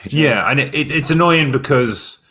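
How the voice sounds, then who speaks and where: A man's voice: medium pitch, animated, measured pace, sharp tone. A man hosting a casual chat about a film, laid-back and full of fillers.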